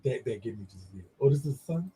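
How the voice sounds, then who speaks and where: Animated chatty man, husky voice. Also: mid-range voice, fast talker. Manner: animated, camp, chatty, addresses viewers as girl. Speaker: show host. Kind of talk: casual livestream gossip chat.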